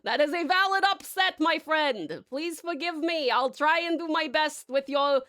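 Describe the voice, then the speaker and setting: A woman streamer putting on a chummy male mobster character with an Italian-American accent and a flat, unamused drawl, chatting live with viewers. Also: sits high, a little slow. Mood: wry. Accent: put-on Italian-American mobster. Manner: calls people "dame" and "pal", slangy.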